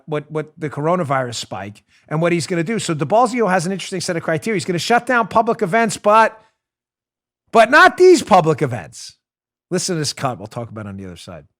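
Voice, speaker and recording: A man hosting a political commentary show, ranting in a sarcastic, mocking way. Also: fairly high pitch. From New York. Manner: sarcastic, mocking, animated rant. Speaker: host.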